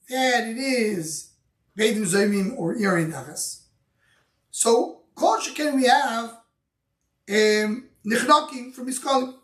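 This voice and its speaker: A man's voice: extremely high pitch, fairly bright tone. A man teaching a Talmud lesson, reading Aramaic lines and explaining them in English, often restarting his sentences. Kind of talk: Talmud study lecture. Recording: echoey room, voice from far off.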